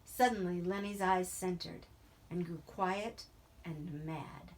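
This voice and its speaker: A woman narrating a novel in a plain, steady audiobook reading. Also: fairly low pitch, slow pace.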